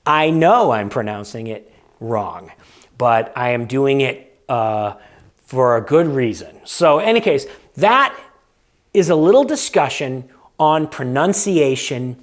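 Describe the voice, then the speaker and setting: A man's voice: medium pitch, very animated, slow pace. Good-humored man hosting a vlog. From New England, United States. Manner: good-humored, self-deprecating, apologetic. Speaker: vlog host. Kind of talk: casual explainer talking to camera.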